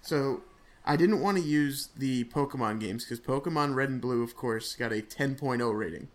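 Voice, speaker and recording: Man explaining game rules, halting. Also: mid-range voice. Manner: explains rules with frequent "uh" fillers. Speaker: podcast co-host running a quiz game. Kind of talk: casual podcast chat.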